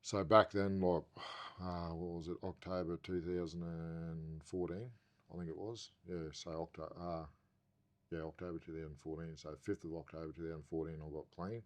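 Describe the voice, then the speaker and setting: A man's voice: sits low, little pitch movement, moderate pace. An Australian man, a podcast guest, telling a story in casual, rambling talk and swearing constantly.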